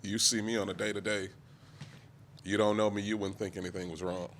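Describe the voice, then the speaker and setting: A man in his forties giving an emotional, halting speech at a press conference, close to tears and often clearing his throat. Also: fairly low pitch, flat delivery, fairly bright tone, slight background noise. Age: 40s. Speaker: guest speaker, kidney patient.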